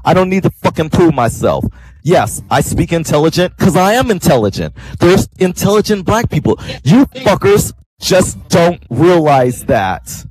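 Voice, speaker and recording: A man's voice: a little high, very animated, unhurried, darkish tone, rough recording. Angry man ranting in voice chat. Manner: angry, profane, repetitive ranting. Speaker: online gamer in voice chat. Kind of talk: heated voice chat rant.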